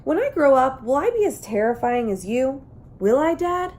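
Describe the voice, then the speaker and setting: A woman's voice: high-pitched, big pitch swings, takes it slowly, darkish tone, voice pushed up, full character voice. A woman voicing an eager little newly hatched boy dinosaur in a childlike voice.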